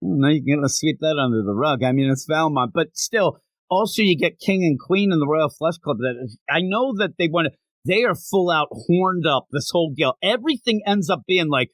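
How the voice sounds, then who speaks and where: A man co-hosting a casual comic book podcast, profane and animated, acting out characters' lines as he reviews. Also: a little high, brisk, dry recording. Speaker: podcast co-host.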